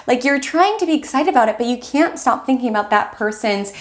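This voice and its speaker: A woman's voice: on the high side, lively intonation, brisk, hardly any pauses. A woman astrologer giving a casual weekly horoscope talk, chatty, acting out quoted friends and filling her speech with "like".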